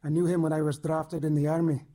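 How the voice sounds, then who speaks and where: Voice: medium pitch, level tone, fast, warm tone, natural voice. A performer playing a cheerful, devout soldier who talks about God with hearty enthusiasm. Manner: hearty, preachy. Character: cheerful devout male soldier, young adult. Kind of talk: radio drama acting.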